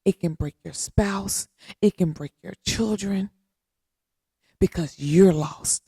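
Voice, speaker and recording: A woman hosting a podcast, giving a heartfelt, faith-based talk, speaking earnestly with repetition and long pauses. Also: mid-range voice, mellow, breathy edge, dry recording, clean studio sound. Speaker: podcast host.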